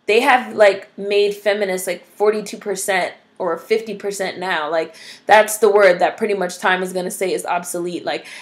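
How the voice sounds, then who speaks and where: Blunt, profane woman ranting to camera. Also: mid-range voice. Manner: blunt, profane, exasperated, lots of "like" and "you know". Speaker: vlogger. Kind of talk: casual ranting commentary to camera.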